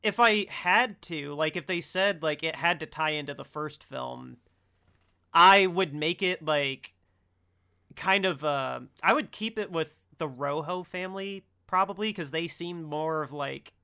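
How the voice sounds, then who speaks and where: A man's voice: a little high, unhurried, vocal fry, sharp tone, clean tone. A man co-hosting a casual movie podcast, jokey and hesitant, stumbling over his words. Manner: hesitant, stammering restarts, jokey. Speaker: podcast co-host.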